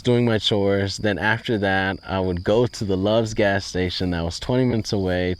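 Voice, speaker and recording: A man's voice: fairly low pitch, clean tone. A man in his twenties, a farm owner, telling his story in a chatty, earnest vlog. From Texas. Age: 20s. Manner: chatty, earnest, reenacts conversations.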